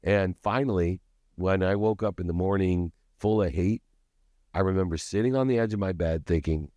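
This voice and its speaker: A man's voice: low-pitched, normal speed, warm tone, no room sound. A man, as a podcast guest, telling a personal story in an intense, confessional way with dramatic emphasis.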